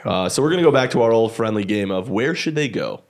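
A man's voice: on the low side, lively intonation, fast, creaky. A young man hosting a casual sports podcast, leading segments with blunt jokes. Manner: leads segments, jokey and blunt. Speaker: podcast host. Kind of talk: casual chat.

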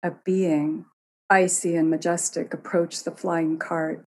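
A woman narrating a fantasy tale in a measured storytelling manner. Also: lowish voice, flat delivery, a little mellow, a little hiss or hum.

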